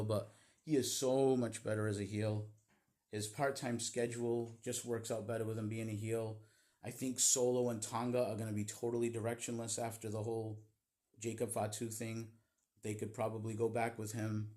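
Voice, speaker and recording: A man with a somewhat low-pitched voice talks through a wrestling show in a casual vlog recap. He tells it as a running story and freely gives his opinions along the way. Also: darkish tone. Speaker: wrestling vlogger.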